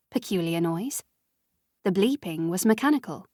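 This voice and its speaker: A woman narrates a novel in an unhurried, measured way. Her voice sits in a middle range and sounds close and dry, with no room echo. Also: mid-range voice, a little mellow. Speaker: audiobook narrator. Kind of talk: scripted narration.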